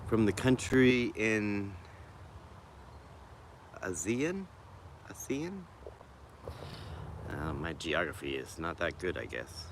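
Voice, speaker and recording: A man's voice: low-pitched, slow, long pauses, background noise. A man from Boston with a Boston accent, chatting casually on a livestream from a small wooded spot in the city, rambling and greeting viewers by name. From Boston, USA. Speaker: vlogger livestreaming. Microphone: phone on a selfie stick.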